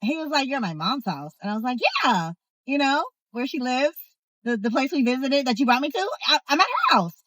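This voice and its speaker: A young woman telling a personal story in a casual, sassy, animated way, speaking straight to her viewers. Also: high-pitched, brisk, dry recording, poor audio. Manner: animated, sassy, talks to the viewer, acts out others' voices. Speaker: storyteller host.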